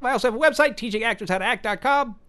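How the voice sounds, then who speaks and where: A man hosting a comedy podcast as a self-important acting coach, rambling in a halting, stumbling way full of fillers and absurd tangents. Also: extremely high pitch, sharp tone, clean tone. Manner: halting, stumbling over words with many fillers. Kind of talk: rambling deadpan comedy monologue.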